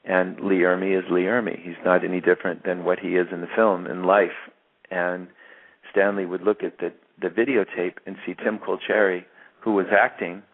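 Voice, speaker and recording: Over audio that sounds thin and tinny like a phone call, a fifties-aged actor recounts a long story during an interview. His voice is very low and gravelly, his delivery flat and moderately paced, with frequent restarts and repeated words as he gropes for phrasing.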